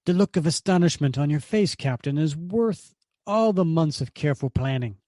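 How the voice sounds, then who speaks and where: A man's voice: fairly high pitch, lively intonation, normal speed, mellow, no room sound, studio quality, lightly acted. A man reading aloud as a proud, vengeful male villain baron, declaiming with menace. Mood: menacing.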